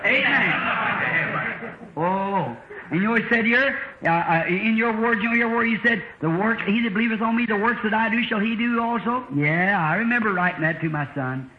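A man's voice: sits high, slight background noise. A man preaching a sermon in a church, telling a folksy story and acting out its dialogue in shifting voices. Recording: echoey dull old sermon tape.

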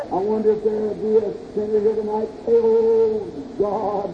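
A man's voice: sits high, completely flat delivery, normal speed. A man preaching a sermon, telling a Bible story with acted-out voices and leading a prayer with fervent, dramatic delivery, recorded on an old lo-fi tape. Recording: dull lo-fi old sermon tape with faint hiss.

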